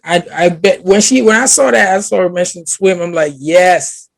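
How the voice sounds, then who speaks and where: Young male co-host, slightly high voice, dry close sound, animated storyteller. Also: fairly quick, vocal fry, no room sound. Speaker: podcast co-host. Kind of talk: casual chat.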